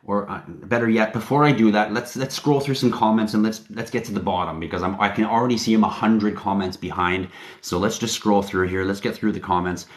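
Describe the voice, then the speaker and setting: A man's voice: fairly low pitch, fairly even intonation, brisk, roomy sound. A man hosting a casual livestream, rambling in a hyped-up way and swearing casually. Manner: rambling, hype-driven, casually profane. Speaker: livestream host and company founder.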